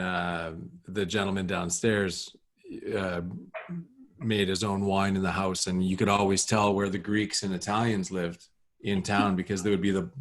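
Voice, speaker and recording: A man co-hosting a casual video chat, telling a relaxed anecdote. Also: sits low. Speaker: co-host, comedian and sommelier.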